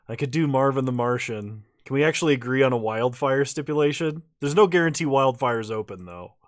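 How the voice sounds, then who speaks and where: Male streamer, relaxed and lightly buzzed, lively up-and-down delivery, dry close sound, laughs a lot. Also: medium pitch, brisk, no room sound. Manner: laughs often, relaxed and chatty. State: a little tipsy after several beers. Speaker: streamer playing a card game. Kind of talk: casual live-stream commentary.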